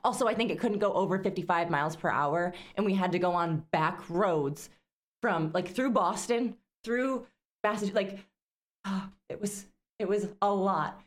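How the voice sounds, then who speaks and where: A woman's voice: medium pitch, moderate pace. A young woman co-hosting a podcast, telling a long road-trip story in casual chat, rambling with lots of fillers and laughs. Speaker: podcast co-host.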